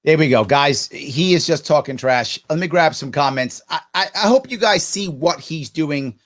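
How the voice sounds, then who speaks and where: A man's voice: on the high side, lively intonation, normal speed. Sarcastic man hosting a live reaction stream. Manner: sarcastic, talks back at the clip. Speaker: livestream host. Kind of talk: live reaction commentary and reading viewer comments.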